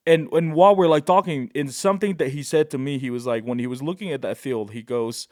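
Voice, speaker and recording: A man from Tonga, a podcast guest, telling animated stories in a casual, excitable way with frequent "right?" asides. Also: mid-range voice, brisk, no room sound, studio quality. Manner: animated, excitable, peppers speech with "right?" and "bro". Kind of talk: casual storytelling.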